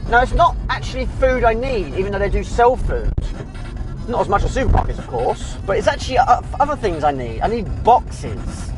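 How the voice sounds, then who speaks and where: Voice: mid-range voice, very animated, moderate pace, music in the background, low-quality recording. A vlogger talking casually to camera in a chatty, rambling, enthusiastic way. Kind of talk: casual vlog chat.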